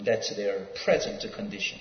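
A male preacher giving a sermon, reading scripture aloud in an emphatic, pausing delivery. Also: fairly low pitch, expressive, slight background noise. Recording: dull echoey hall sound.

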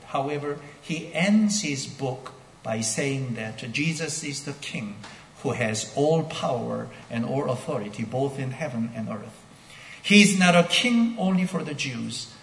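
A man preaching a sermon as pastor, speaking deliberately and building to emphatic declarations with repeated phrases. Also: mid-range voice, a bit bright, slight background noise. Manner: slow, deliberate delivery with repetitions. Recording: echoey hall with long reverb.

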